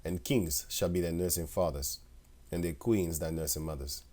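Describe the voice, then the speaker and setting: A man with a deep, low voice preaching to an online audience. He reads scripture aloud and breaks into loose, chuckling commentary between the verses. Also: moderate pace, dark tone.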